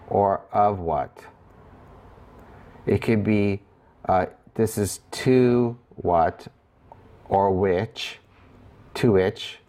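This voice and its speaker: A man with a lowish voice teaching a grammar lesson in a recorded lecture. He speaks unhurriedly and deliberately, pausing with fillers and restarting phrases as he works through each form. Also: mellow. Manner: slow, deliberate explaining with frequent fillers and restarts. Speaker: Greek instructor.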